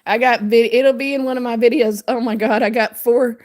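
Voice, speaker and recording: A woman's voice: fairly high pitch, steady tone, brisk, darkish tone. A woman hosting her crochet channel, chatting casually and rambling with many fillers while she reads pattern text aloud.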